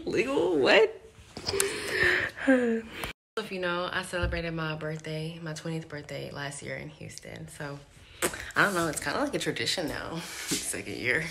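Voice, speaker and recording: A woman in her twenties talking casually to her camera in a rented house, chatty and excitable with frequent laughs. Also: deep voice, background noise. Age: 20s. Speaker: vlogger. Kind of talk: casual vlog talk to camera.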